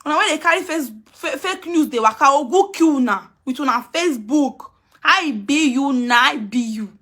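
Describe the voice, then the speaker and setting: A woman's voice: high voice, lively intonation, moderate pace, pushed and bright. A woman speaking Nigerian Pidgin English, ranting on a live video, scolding and taunting someone and repeating herself. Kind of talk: heated live video rant.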